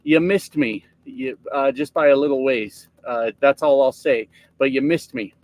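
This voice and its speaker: A man's voice: medium pitch, measured pace, no echo. A man casually live streaming from his truck, greeting viewers by name and joking with plenty of profanity. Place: truck cab.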